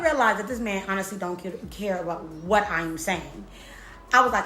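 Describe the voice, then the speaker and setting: A woman's voice: medium pitch, sing-song, normal speed, a bit bright, a little hiss or hum. A young woman telling a storytime to her viewers in a casual, slangy, profane way, often repeating herself. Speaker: storytime vlogger. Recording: roomy echo with faint music.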